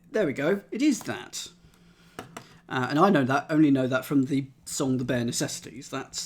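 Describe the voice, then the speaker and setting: A man's voice: medium pitch, darkish tone. A man streaming, thinking aloud as he solves a crossword and chats with his live chat, methodically trying out letters and words.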